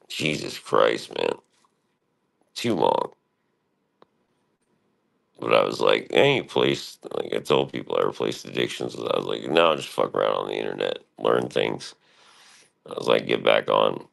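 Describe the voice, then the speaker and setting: A man's voice: extremely low pitch, gravelly, a bit bright. A man streaming live, rambling casually and profanely about his past and his show, often quoting himself.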